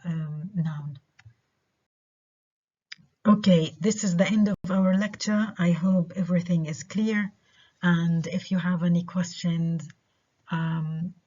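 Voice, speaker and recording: A university lecturer, a woman with a Levantine Arabic accent, talks through her material in a low, husky voice, slowly repeating each example phrase and slipping between English and Arabic. The recording sounds dull and muffled, like a lo-fi lecture capture. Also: dark tone. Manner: switches between English and Arabic, slow careful repetition of examples.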